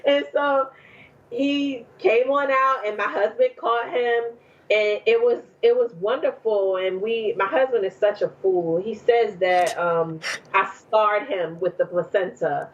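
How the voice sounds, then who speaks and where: Woman guest from New Jersey, chatty storyteller with lots of fillers, mid pitch, slightly muffled audio. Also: a little slow. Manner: chatty, laughs often, many fillers. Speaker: podcast guest. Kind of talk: casual storytelling.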